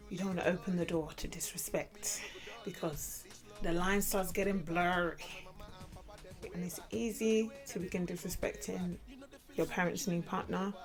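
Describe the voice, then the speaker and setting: A woman giving step-parenting tips to camera, emphatic and repeating her points for stress. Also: medium pitch. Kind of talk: casual advice talk to camera.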